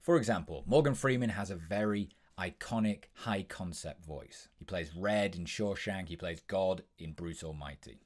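Low-voiced young man teaching impressions. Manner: brisk, instructive, with frequent ums. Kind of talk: tutorial explanation.

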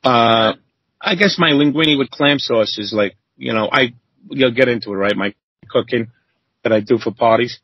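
A husky-voiced man spins loose, swear-heavy kitchen yarns, jumping up high whenever he mimics someone. The sound is dry and close, with a dull, lo-fi edge like a remote call. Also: moderate pace, no room sound. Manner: profane, animated, acts out quotes in a high voice. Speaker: interview guest, former chef. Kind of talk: casual storytelling.

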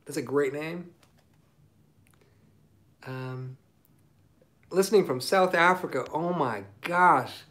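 Relaxed man chatting on a livestream. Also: on the high side, takes it slowly, long pauses. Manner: relaxed, rambling, with many ums and asides. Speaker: singer-songwriter hosting a livestream. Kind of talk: casual livestream chat reading comments. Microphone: phone mic.

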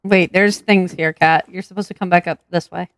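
A woman with a fairly low voice and fairly even intonation hosts her gaming channel, talking at a moderate pace during casual co-op play. Upbeat and teasing toward her co-player, she laughs often. The audio is studio quality with no room sound.

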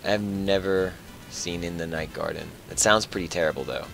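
With faint music in the background, a gaming channel host jokes around and talks through his thinking during a casual let's-play. He speaks at a moderate pace in a low-pitched, slightly bright voice with vocal fry.

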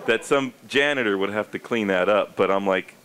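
A man's voice: normal speed, a little hiss or hum. A middle-aged American man, a former pro bike racer, telling a comic story to a live audience. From United States. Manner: animated, jumps into high squeaky character voices for quoted people.

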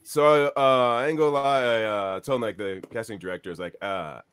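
A man, a voice actor guest, telling a joking, animated anecdote on a panel. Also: medium pitch, a little fast, clear, resonant tone, no echo, clean studio sound. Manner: animated, joking storyteller, laughing.

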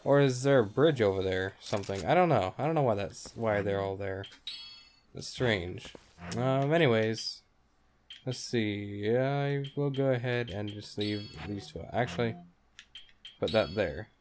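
A man's voice: lowish voice, unhurried, a little mellow, a little hiss or hum. A man hosting a let's play, giving casual, rambling gameplay commentary with wry asides and offhand cursing.

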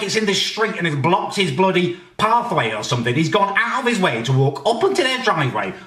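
A British man doing a comedic rant, exasperated and swearing, often shouting in indignation. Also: high voice, very animated, brisk, few pauses, recorded from a distance. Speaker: comedy ranter. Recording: roomy, a bit off mic.

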